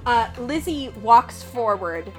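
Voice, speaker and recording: A woman's voice: on the high side, lively intonation, takes it slowly, fairly bright tone, soft background music. A woman narrating as game master of a tabletop game, chatty and laughing often.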